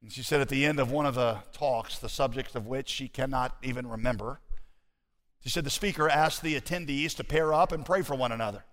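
A man preaching a sermon, dropping to hushed, intimate asides and then building to loud, emphatic rhetorical questions as he tells stories. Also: mid-range voice, a little fast, big-room sound. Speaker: pastor.

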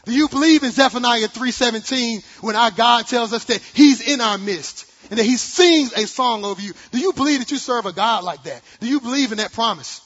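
A man preaching a sermon with animated delivery, acting out quotes and jokes. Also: very high-pitched, brisk, few pauses. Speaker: pastor. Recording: dull sound in a large reverberant hall.

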